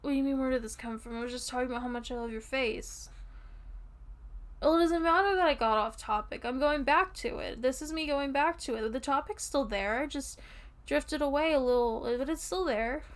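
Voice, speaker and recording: A woman's voice: high voice, fairly quick, close to an everyday voice. A woman playing a tipsy, rambling young girlfriend. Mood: tipsy affectionate. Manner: rambling, giggly, soft and intimate. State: drunk. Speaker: role-play performer. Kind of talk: audio role-play to the listener.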